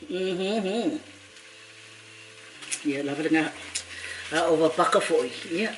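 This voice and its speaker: A woman's voice: lowish voice, slow pace, long pauses, background noise. A woman vlogger cooking in her home kitchen, chatting playfully and joking with her viewers as she goes. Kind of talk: casual cooking vlog chat. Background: faint background music.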